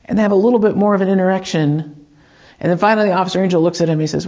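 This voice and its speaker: A man's voice: high voice, fast, a little mellow, dull audio. A man preaching a sermon as pastor, telling a story in a loose conversational way with frequent fillers and restarts.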